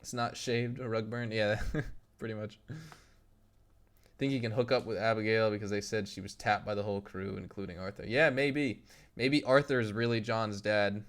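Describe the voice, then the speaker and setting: A man's voice: fairly low pitch, steady tone, normal speed. A young adult man hosting a casual game live stream. He reads out and answers chat in a loose, joking way and laughs often. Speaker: gaming streamer.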